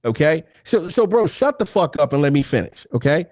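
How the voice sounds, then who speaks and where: A man's voice: on the high side, big pitch swings, fairly quick, darkish tone, dry recording. A man hosting a live debate stream, talking bluntly and profanely and pushing through interruptions. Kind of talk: heated casual debate.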